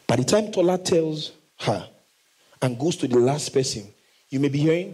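A man preaching a sermon, reading scripture slowly and emphatically and leading the congregation in call and response. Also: mid-range voice, lively intonation, dark tone, breathy edge, poor audio. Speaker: pastor.

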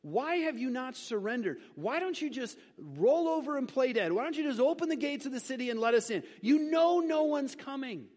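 A man's voice: very high voice, animated, normal speed, few pauses, a little mellow, voice pushed up. A preacher putting on a jeering, arrogant conqueror king. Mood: taunting. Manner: mocking, jeering, boastful questions. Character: taunting, arrogant male ancient king, menacing conqueror. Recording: reverberant hall.

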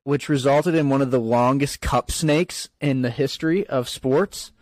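A man's voice: mid-range voice, measured pace, no echo. A man co-hosting a podcast, chatting casually about football with lots of fillers and restarts. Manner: rambling, filler-heavy. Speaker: podcast co-host. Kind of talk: casual sports chat.

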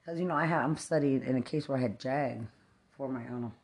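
A woman's voice: extremely low pitch, fairly quick, noisy background. A woman from Texas, delivering a profane, rambling rant, angry and cursing as she jumps from one thought to the next.

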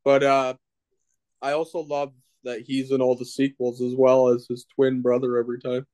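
A man with a mid-pitched voice joins a podcast as a guest. He chats casually, mostly agreeing in short replies and brief comments. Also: monotone, normal speed, dark tone. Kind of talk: casual chat.

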